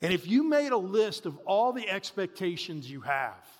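A man in his forties preaching a sermon, telling a family story in an animated way that swings between loud bursts and hushed asides. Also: high-pitched, moderate pace. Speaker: pastor. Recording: reverberant hall.

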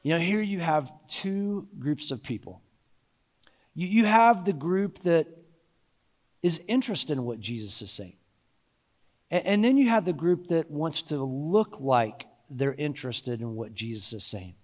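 A man's voice: a little high, animated, unhurried, darkish tone. A married man preaching a sermon in a conversational way, with frequent asides and small restarts. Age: adult, married. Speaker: pastor.

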